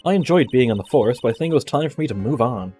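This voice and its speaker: An earnest young former policewoman with bad luck, as a man reads her lines aloud. She is sincere and self-pitying but polite, and she tacks "sir" onto her sentences. Soft music plays faintly under the game dialogue. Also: mid-range voice, expressive, quick pace, lightly acted. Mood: cheerful. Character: unlucky cheerful young woman, a fired ex-policewoman.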